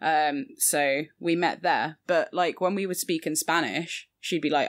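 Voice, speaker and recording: A woman's voice: low voice, measured pace. A young woman in her twenties, a Spanish teacher, chatting casually and laughing often with many fillers. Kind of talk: casual podcast chat.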